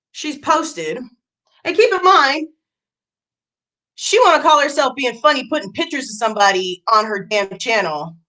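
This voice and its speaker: A woman's voice: high voice, sharp tone. A young adult woman on a livestream, ranting in a heated, profane way and repeating lines for emphasis. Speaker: YouTube streamer.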